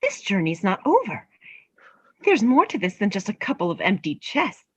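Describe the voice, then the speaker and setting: A scholarly woman treasure hunter, read by a woman in a breathy, husky voice that swings through a wide pitch range. The sound is dry and dull, like a video call. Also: huge pitch swings, normal speed, dry recording. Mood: earnest. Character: bookish woman treasure hunter, earnest and learned. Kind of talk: staged play reading.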